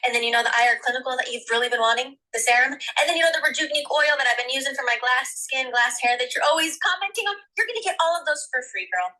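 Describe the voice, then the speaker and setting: A woman leaves a persuasive voice message at a rapid clip. Her voice is high and bright, eager and breathless. She keeps pushing the pitch the whole way through. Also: poor audio. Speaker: saleswoman recording a voice note.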